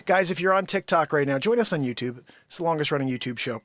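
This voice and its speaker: Rambling, jokey live-stream host, lively pitch. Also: male voice, fast, few pauses, no room sound. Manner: rambling, jokey, shifts between loud bursts and muttered asides. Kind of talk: unscripted live comedy chat. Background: his own intro song playing.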